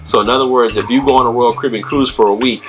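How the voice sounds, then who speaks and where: A man's voice: medium pitch, fairly even intonation, rapid-fire, soft background music, low-quality recording. A man hosting a casual travel chat, talking loosely with many fillers and restarts. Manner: chatty, filler-heavy, restarts often. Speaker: host.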